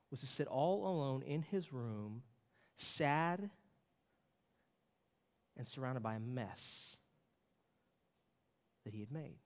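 A pastor in his late thirties tells a personal story during a sermon, his voice sitting a little high for a man. He talks in a relaxed, storytelling way. The sound carries the long ring of a big church hall. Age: late 30s. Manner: storytelling, animated, acts out his son's voice. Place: church sanctuary.

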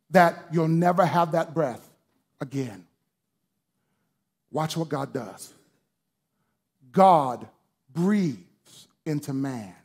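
A man preaching a sermon to a congregation, calling on them to respond, moving from hushed teaching to shouted preaching. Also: fairly high pitch, breathy edge. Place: church sanctuary with congregation.

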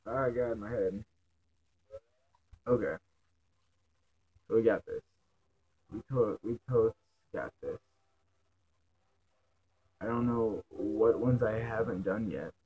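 A young man talks over his own gameplay with a somewhat low voice. He swears constantly, cracks self-mocking jokes and gets easily frustrated with the game. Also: slow, long pauses, narrow, tinny audio. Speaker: let's play gamer. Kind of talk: casual gameplay commentary.

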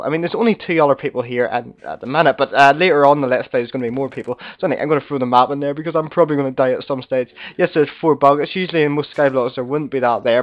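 A slightly hoarse man rambles through a casual game commentary at a quick clip, his pitch bouncing up and down as he chats to his viewers. The recording is muffled and lo-fi. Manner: rambling, chatty, talks to viewers and fellow players. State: slightly hoarse from being sick. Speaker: gaming video host.

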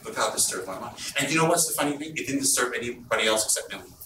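A man giving an informal Buddhist teaching, telling stories in an animated, blunt and teasing way. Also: medium pitch, very fast. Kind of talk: informal dharma talk. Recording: roomy, distant mic, background noise.

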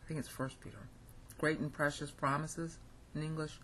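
Low-voiced American woman teaching. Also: level tone, moderate pace, a little hiss or hum. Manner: thinks aloud, hesitant restarts, frequent "okay?" checks. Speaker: language teacher. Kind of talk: informal recorded lesson.

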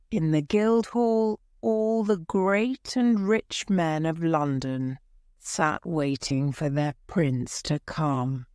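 Woman, audiobook narration, slow, dry close mic. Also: no echo. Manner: clear, deliberate storytelling with lively pitch.

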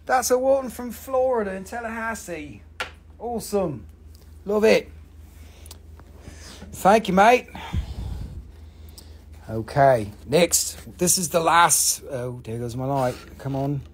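A live-stream seller of rocks and crystals who talks in a casual, joking, profane and excitable way. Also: medium pitch, slow pace, long pauses, slight background noise. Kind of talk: casual live sales chat.

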